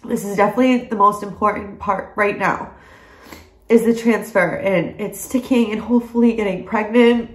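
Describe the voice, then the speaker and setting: A woman's voice: medium pitch, normal speed, echoey room. A young woman speaking in a personal video diary at home, emotional and crying, laughing through her tears. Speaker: vlogger.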